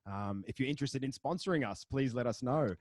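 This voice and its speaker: A man's voice: medium pitch, fairly quick, darkish tone, no echo. A young man co-hosting a podcast, talking in an upbeat, encouraging way. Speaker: podcast co-host. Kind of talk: casual chat.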